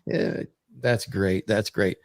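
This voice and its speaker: Gravelly dude hosting a stream, jokey, keeps laughing. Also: male voice, lowish voice, steady tone, takes it slowly. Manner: joking, laughing, welcoming guests. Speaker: livestream host. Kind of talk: casual livestream chat.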